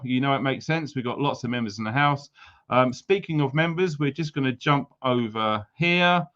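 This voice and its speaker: Male livestream host, mid-pitched, jokey and teasing, slightly muffled lo-fi audio. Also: fairly bright tone. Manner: jokey, teasing banter with viewers. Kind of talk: casual livestream chat.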